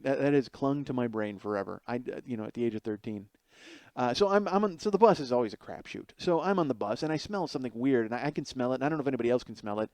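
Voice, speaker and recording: In a medium-pitched, darkish voice, a podcast host in his forties delivers a comedic storytelling monologue. He rambles, makes fun of himself, and acts out voices in his anecdotes.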